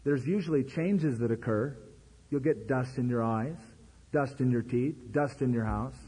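A man preaching a sermon in a conversational, animated way. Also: moderate pace, husky. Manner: animated, conversational preaching with sudden pitch jumps. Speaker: pastor. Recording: long hall reverb.

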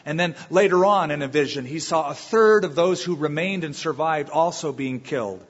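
Male pastor, somewhat high, husky voice, dramatic sermon delivery with sudden hushes; dull recording, long hall reverb. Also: moderate pace. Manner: dramatic preaching with sudden drops to a hush. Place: church sanctuary.

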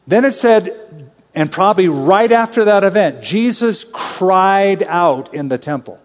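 Working through scripture in an expository sermon, a fairly high-voiced man begins in an easy, conversational way and builds to urgent, emphatic pleas. His pace is a little slow, and the long reverb of a big hall surrounds him.

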